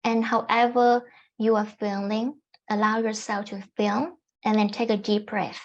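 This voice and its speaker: Slow, gentle woman life coach. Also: mid-range voice, muffled recording. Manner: calm, repetitive, gently instructive. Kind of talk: self-help coaching talk to camera.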